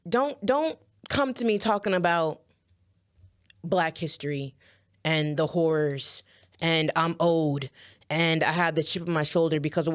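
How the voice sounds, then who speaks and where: A woman giving impassioned commentary straight to her viewers, earnest and close to tears, repeating herself as she speaks. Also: lowish voice. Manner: earnest, emotional, addresses viewers directly, repeats phrases. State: holding back tears.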